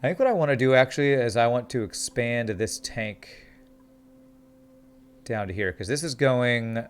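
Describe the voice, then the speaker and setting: An American man giving relaxed, chatty commentary while playing a game and reading his chat aloud. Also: lowish voice. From United States. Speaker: game streamer. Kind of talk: casual gameplay commentary. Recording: faint music behind.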